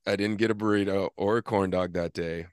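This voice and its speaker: A man's voice: deep voice, steady tone, brisk, smooth, dry recording, clean studio sound. A man on a podcast, casually telling a story with lots of swearing and acting out his own inner argument. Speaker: podcast co-host. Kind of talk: casual chat.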